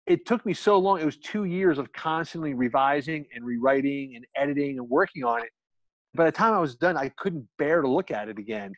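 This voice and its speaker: A man with a fairly high voice speaks a little fast on a video call, chatting candidly as an author and guest in a casual group conversation. He rambles through stories about writing and recording his book. The low-quality recording has no echo.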